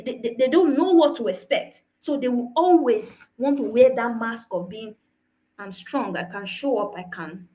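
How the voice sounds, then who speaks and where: A woman's voice: sits high, poor audio. A woman coach giving an earnest motivational talk, often checking in with her listeners through rhetorical questions. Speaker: personal development coach.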